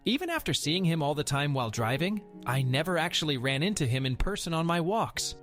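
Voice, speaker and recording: A man's voice: a little high, big pitch swings, brisk, fairly bright tone, soft background music. A man narrating a Reddit post aloud in a wry, sardonic manner.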